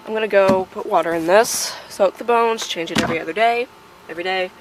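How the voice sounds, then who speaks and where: A woman's voice: mid-range voice, brisk, rough recording. A young woman chatting casually to camera in a rambling vlog, filming herself with a phone outdoors by a house. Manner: chatty, rambling with many fillers. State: out of breath. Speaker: vlogger. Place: outdoors beside a house, partly in a car. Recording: outdoor phone recording with background noise.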